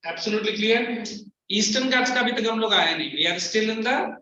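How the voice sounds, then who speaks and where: A man's voice: high voice, racing, pushed and bright. A man with an Indian English accent teaching a class, mixing English with Hindi and firm with students, recorded from a distance in a classroom. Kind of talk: classroom lecture. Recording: echoey, distant, muffled classroom recording with faint noise.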